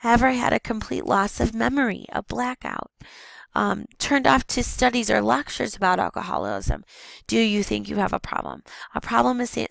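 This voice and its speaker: A woman teacher, giving a recorded lecture over slides in a plain, steady way with many "um"s and restarts, her voice rough that day. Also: a little high, no echo. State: voice not at its best.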